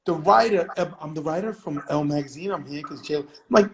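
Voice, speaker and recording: A middle-aged man telling a story as an interview guest, brash, profane and animated. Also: on the high side, normal speed, low-quality recording.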